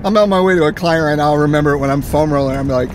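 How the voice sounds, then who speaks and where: A man talks into his phone camera from a moving car, telling stories with lots of energy and playing out each side of a conversation. His voice sits a little high for a man. Faint road noise hums behind him. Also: racing. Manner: animated storytelling, acts out both sides of exchanges. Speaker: gaming vlogger. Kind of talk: casual chat.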